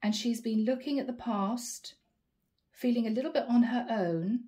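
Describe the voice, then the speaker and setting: A woman's voice: a little high, normal speed, dark tone. A woman giving a channeled tarot reading, musing aloud and naming each card in short bursts. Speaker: tarot reader.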